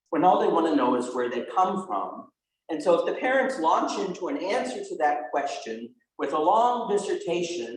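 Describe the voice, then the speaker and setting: A man in his sixties preaches to his congregation with a high, lively voice that leaps up and down as he throws questions at them. The sound rings with heavy echo from the church sanctuary. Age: 60s. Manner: animated, asks the congregation questions. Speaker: pastor. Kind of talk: sermon.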